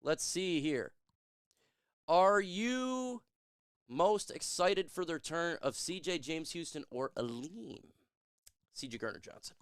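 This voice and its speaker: A man's voice: on the high side, expressive, takes it slowly, pauses often, clear, resonant tone, no echo, studio quality. A man hosting a sports show, chatting casually and answering viewer questions in a joking, chatty way. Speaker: sports podcast host. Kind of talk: casual live Q&A chat.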